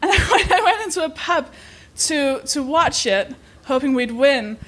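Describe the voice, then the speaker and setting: Live podcast host, woman, high giggly voice, swears, self-deprecating. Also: expressive, moderate pace, fairly bright tone. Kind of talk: live podcast chat before an audience.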